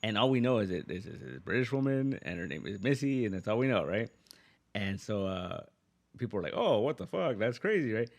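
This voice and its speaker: A man's voice: fairly low pitch, lively intonation, brisk, creaky. A man co-hosting a podcast, telling a profane, rambling story in casual chat and laughing often. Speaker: podcast co-host.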